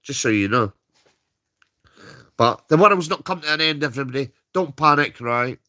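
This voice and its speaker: A man's voice: medium pitch, expressive, normal speed, sharp tone. A British man ranting on a livestream, heated and swearing, tagging his points with "right?". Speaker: streamer. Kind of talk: angry livestream rant.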